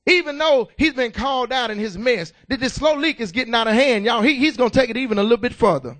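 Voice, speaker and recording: High-voiced preacher, fervent. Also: male voice, animated, fairly quick. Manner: repeats words, calls out "y'all" and "amen"; stammering restarts, rising to shouts. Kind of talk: sermon.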